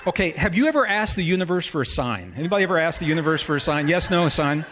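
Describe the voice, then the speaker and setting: An earnest middle-aged man speaks to a live audience in a storytelling way and turns to them with rhetorical questions. His voice sits somewhat high for a man. A long reverb from the large hall trails after his words. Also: lively intonation, very fast, a bit bright, some chatter behind.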